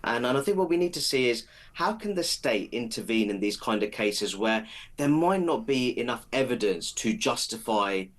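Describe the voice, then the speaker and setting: A man speaking as a political commentator guest on a live radio show, earnest and measured as he builds his argument step by step. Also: medium pitch, animated.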